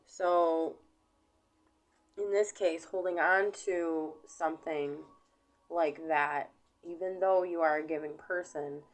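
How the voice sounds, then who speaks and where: Slow, unhurried woman giving a tarot reading. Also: deep voice, steady tone, rough recording. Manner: unhurried, rambling, with many fillers. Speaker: tarot reader. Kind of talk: casual tarot reading to camera.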